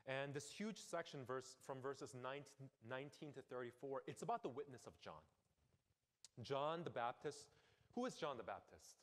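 A man preaching a sermon as pastor, earnest and emphatic, dropping into quiet low asides. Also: expressive, normal speed. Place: church sanctuary. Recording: long hall reverb.

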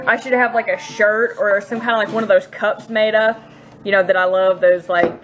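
A woman's voice: medium pitch, fairly even intonation, moderate pace, fairly bright tone. A woman in her thirties with a Southern US accent, chatting playfully and giggling while filming a casual vlog in her home kitchen. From Mississippi. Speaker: vlogger, mother.

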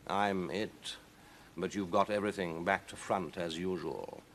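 Guy doing a sly demon tomcat, slow silky purr, soft and low. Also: slight background noise. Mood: silky menacing. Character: sly spiteful demon tomcat, huge, purring menace.

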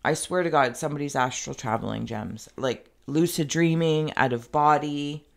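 A woman's voice: deep voice, moderate pace, gravelly. A woman giving an intuitive tarot reading straight to the viewer, rambling and meandering as she works through the cards. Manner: speaks directly to the viewer. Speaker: tarot reader.

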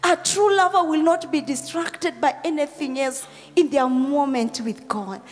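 A Kenyan woman pastor preaching a Sunday sermon, tearful and emotional, swinging between loud calls and whispered prayers. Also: sits high, measured pace. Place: church hall. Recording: long hall reverb with faint music.

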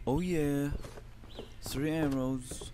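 A man from Lebanon hosting his own channel, giving excitable, profanity-heavy commentary on a survival game and talking trash at the enemies. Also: on the high side, drawn-out words, noisy background. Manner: excitable, swears constantly, talks to the enemies. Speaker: gaming channel host.

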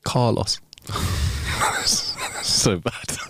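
A man co-hosting a podcast who tells jokes and stories in casual chat and laughs easily. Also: background noise. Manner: animated storyteller, quick to laugh. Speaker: podcast co-host. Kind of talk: casual joke-telling chat.

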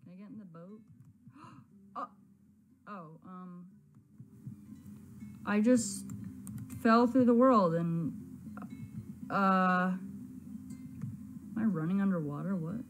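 A woman's voice: mid-range voice, slow pace, pauses often, music in the background. A woman hosting a gaming video, giving flustered, exclaiming let's-play commentary with frequent stammers.

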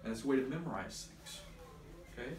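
A man's voice: medium pitch, expressive, fast talker. Man, patient class teacher, quizzes students, roomy echo, distant mic, faint background hiss. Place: church classroom. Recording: echoey room from far off.

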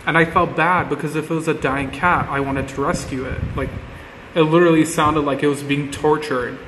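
Against a noisy background, a man with a high voice and fairly even intonation talks at normal speed to viewers of his Instagram live stream. He rambles casually, repeats himself, and leans heavily on filler "likes." The phone audio is roomy with a long reverb tail.

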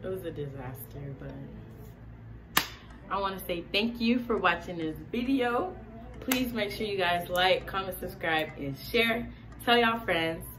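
A woman vlogger in a casual rant, animated and exasperated, talking with lots of slang. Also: lowish voice, unhurried.

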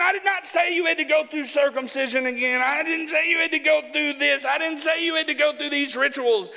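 A man from Arkansas preaching a sermon in a church, joking in a folksy, animated way. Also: very high voice, fairly quick, vocal fry, few pauses. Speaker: pastor. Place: church sanctuary. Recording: church hall with long reverb.

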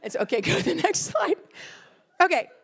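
A woman's voice: very high voice, brisk, creaky. A middle-aged woman preaching a sermon, telling stories with lots of acted-out quotes. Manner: animated storytelling with acted-out quotes. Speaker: guest speaker.

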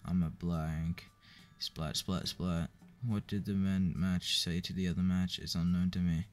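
A man reading a joke book aloud in a flat, weary way, with profane asides. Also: deep voice, measured pace. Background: clear background music.

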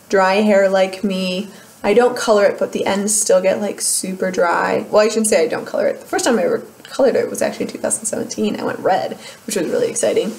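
A woman's voice: mid-range voice, darkish tone. A young woman in a casual beauty vlog, chatting and laughing as she goes through used-up products at home. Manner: chatty, self-mocking, laughs between remarks. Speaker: beauty vlogger.

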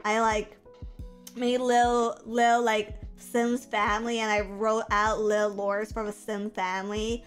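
A young woman with a high, bright-sounding voice chats casually through a livestream, reacting to viewer comments with animated, foul-mouthed, self-deprecating humor. Soft music plays faintly behind her. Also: measured pace. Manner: animated, profane, self-mocking.

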